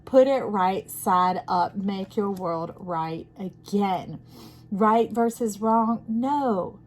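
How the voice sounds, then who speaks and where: A woman's voice: medium pitch, extremely slow, slight background noise. A woman giving an intuitive tarot reading, talking in a playful, rambling, spiritual way. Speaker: tarot reader.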